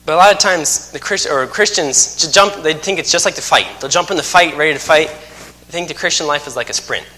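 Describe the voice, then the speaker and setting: A man's voice: fairly high pitch, a little fast, sharp tone. A man in his thirties preaching a sermon, telling folksy stories with self-mocking humor. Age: 30s. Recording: long hall reverb.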